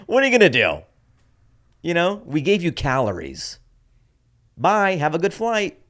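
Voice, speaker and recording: A man's voice: on the high side, huge pitch swings, a little slow, fairly bright tone, pitched above the performer's own voice, heavily acted. A man putting on a shrugging airport worker. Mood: dismissive.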